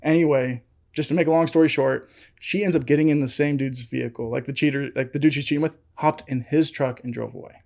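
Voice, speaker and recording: A man's voice: mid-range voice, fairly even intonation, quick pace, creaky, a little mellow. A man co-hosting a podcast, telling a story in casual chat, acting out quotes and laughing often. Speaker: podcast co-host.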